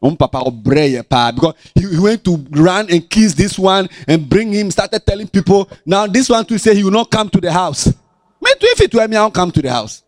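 Ghanaian guy preaching to kids, sing-songy and teasing, voice up high, dry close sound. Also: brisk, few pauses, no room sound. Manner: animated, sing-song, teasing the listeners. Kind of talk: lively Bible lesson for children.

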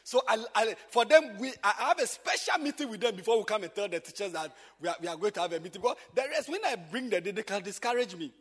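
A man, a pastor teaching a church group informally, swinging from loud exclamations to quiet asides. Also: high voice, expressive, quick pace, hardly any pauses, slightly rough, in a large hall.

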